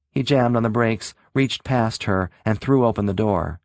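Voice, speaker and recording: A man narrating a story in a steady, measured reading voice. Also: mid-range voice, no echo, studio quality. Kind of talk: audiobook narration.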